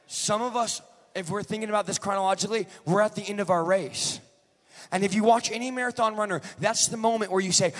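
A man preaching a sermon in a church, moving from joking asides to shouted, rhythmic calls to the congregation. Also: high voice, fast, big-room sound. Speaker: guest preacher. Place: large church.

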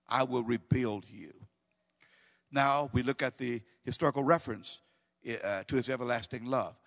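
A man preaching a sermon, swinging between loud bursts and hushed, slowed-down quotations. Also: mid-range voice, gravelly, long reverb tail. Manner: preaching with dramatic swings of volume and pace, drawn-out quotes.

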